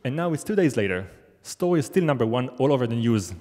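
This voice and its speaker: A man's voice: medium pitch, very animated, fast, warm tone. A man telling a true story on stage in a wry, self-deprecating, conversational way. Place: large theater stage. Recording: long theater hall reverb.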